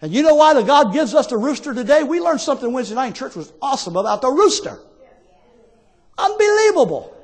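A man preaches a fervent sermon in a strikingly high voice. His exhortations climb into pleading calls to his listeners. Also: lively intonation, rapid-fire, hardly any pauses, husky. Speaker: pastor.

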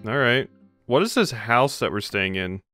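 A man's voice: mid-range voice, sing-song, moderate pace, bright, forceful tone. A man giving casual let's play commentary, musing and reading game text aloud. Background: game music.

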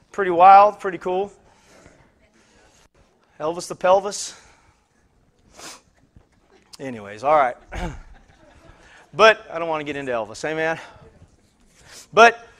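A man's voice: high voice, a bit bright. A man preaching a sermon, telling a story in a rambling way, repeating words and acting out the voices of people he quotes. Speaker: pastor.

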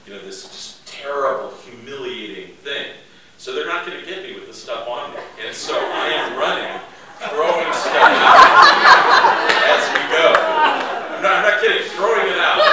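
A man telling a funny story to a live audience, animated and laughing through his lines. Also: mid-range voice. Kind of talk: humorous anecdote. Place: large hall with a live audience. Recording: echoey room from far off with audience.

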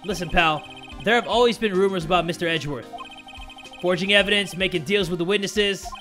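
A man's voice: high-pitched, brisk, sharp tone, faint music behind. A man voicing a streetwise woman lunch vendor in a game, in a brash, confiding way.

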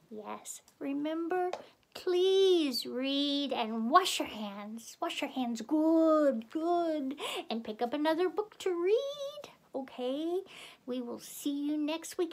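A woman's voice: high-pitched, animated, slow pace. A woman reading a children's picture book aloud and speaking cheerfully to young listeners. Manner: cheerful, friendly sign-off to children. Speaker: storybook reader.

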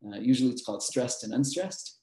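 A man's voice: mid-range voice, animated, fairly quick, dark tone. A man giving a master class lecture, explaining patiently with frequent fillers and little laughs. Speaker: mathematician teaching a master class. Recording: roomy echo.

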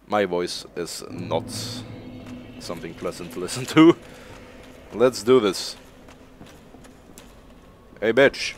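A man's voice: low voice, takes it slowly, long pauses, over music. A young man streaming a game, rambling through live commentary with lots of laughter and swearing. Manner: rambling, self-mocking, laughs and swears a lot. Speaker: gaming streamer.

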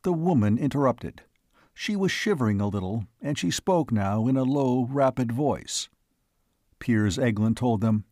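A man narrates a classic science fiction tale at a steady storytelling pace. His voice sits in an ordinary middle pitch. The recording is close and dry, with no room sound. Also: a little slow, dry recording. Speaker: audiobook narrator. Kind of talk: scripted narration.

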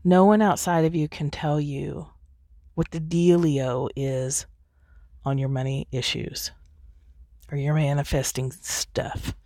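In this candid solo episode, the podcast host talks slowly in a low, warm voice with a steady tone, being frank, chatty and quick to laugh. The audio is studio quality with no echo.

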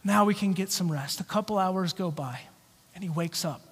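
A male pastor preaching a sermon with animated storytelling. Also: high-pitched, moderate pace, slightly rough. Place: church sanctuary. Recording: long church hall reverb.

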